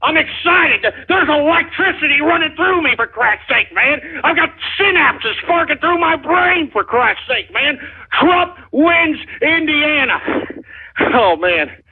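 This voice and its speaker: A radio host rants in an excited, fired-up way, piling on repeated phrases and curses. His voice sits very high and sounds husky and worn. It comes through a narrow, tinny phone-like line. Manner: fired-up, shouty, swears and repeats himself. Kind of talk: excited call-in radio rant.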